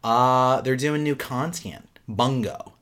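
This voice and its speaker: A man's voice: mid-range voice, slow pace, fairly bright tone, smooth. A man co-hosting a gaming podcast in casual chat, profane, rambling and joking. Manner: profane, rambling, jokey, lots of laughs. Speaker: podcast co-host.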